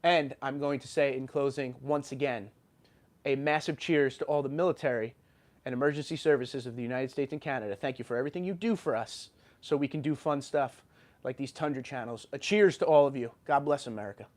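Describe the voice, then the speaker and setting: A man's voice: medium pitch, a little fast. A man from New York hosting a livestream, ranting animatedly and reading viewer comments, with a sore throat after being sick. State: sore throat, just recovered from illness. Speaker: YouTube channel host.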